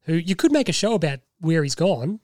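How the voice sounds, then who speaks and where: A man co-hosting a casual podcast chat, telling stories and quoting scenes with lively energy. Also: a little high, brisk, dry recording, clean studio sound. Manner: animated storyteller, quotes scenes in put-on voices. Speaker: podcast co-host.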